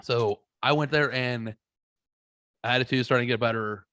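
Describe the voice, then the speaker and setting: A man in his thirties tells a story in a blunt, profane way, voicing each side of the exchange himself. His voice sits at an ordinary pitch for a man. The sound is close and dry, with almost no room around it. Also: normal speed, a bit bright, dry recording. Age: 30s. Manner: blunt, profane, acts out both sides of stories. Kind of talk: casual podcast storytelling.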